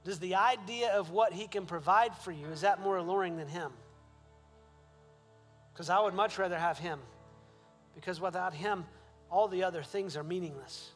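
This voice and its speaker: Male pastor, fairly high voice, sermon in a reverberant hall, soft music under it. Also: normal speed, pauses often. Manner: rising to emphatic questions, then soft prayer.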